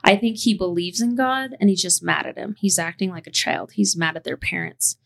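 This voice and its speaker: A woman's voice: lowish voice, a little fast, creaky. A woman hosting a podcast, talking in a passionate, heated rant and cussing freely. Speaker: podcast host.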